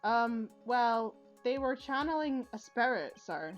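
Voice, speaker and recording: A woman's voice: a little high, expressive, slow, highs cut off, soft background music. A woman reading the lines of a bumbling male police detective in a video game, stammering and deferential. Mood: nervous. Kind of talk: reading game dialogue aloud.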